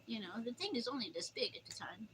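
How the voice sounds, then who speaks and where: A woman's voice: on the high side, animated, fast talker, noisy background. An older woman chatting casually on her livestream, rambling through stories and cooing at her dog. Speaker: livestream host.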